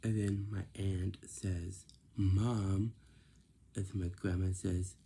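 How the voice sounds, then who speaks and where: A man's voice: deep voice, completely flat delivery, unhurried, gravelly, warm tone, a little hiss or hum. A man telling a casual, rambling story, often stopping to repeat and correct himself.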